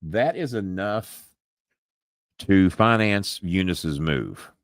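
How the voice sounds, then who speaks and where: Speaking slowly in a deep, animated voice, this older Southern-accented podcast host from Louisville, Kentucky, rambles through casual live-stream talk. He chuckles often and restarts words, and the recording is dry.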